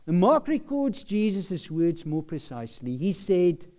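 Male preacher, sermon delivery, unhurried, warm dark tone, emphatic swells. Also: high voice. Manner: expressive, with emphatic bursts of loudness. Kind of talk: sermon, Bible exposition.

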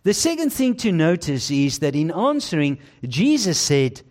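A man preaching a sermon with emphasis and rhetorical questions, dropping low and quiet to stress key phrases. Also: big pitch swings, moderate pace.

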